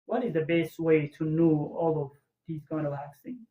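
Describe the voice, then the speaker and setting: Male interview host; halting and word-searching; thin phone-like line in an echoey room. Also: a little high, expressive. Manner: halting, searching for words, many restarts. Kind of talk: casual interview chat.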